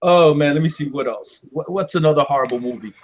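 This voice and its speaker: A man's voice: on the high side, quick pace, a little mellow. A man co-hosting a gaming podcast, joking animatedly and laughing a lot. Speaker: podcast co-host. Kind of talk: casual chat. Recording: dull lo-fi mic with faint hiss.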